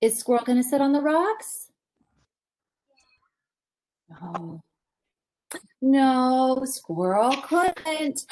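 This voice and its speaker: Brief: woman reading aloud to small kids on a video call, high, lively, unhurried, full of gasps. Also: low-quality recording. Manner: animated, gasping, asks children questions. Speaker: parent educator. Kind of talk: reading a picture book to young children.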